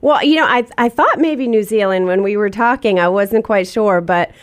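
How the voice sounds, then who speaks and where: A woman's voice: mid-range voice, moderate pace. A woman hosting a radio interview show, talking in a friendly, upbeat, chatty way. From Northeast United States.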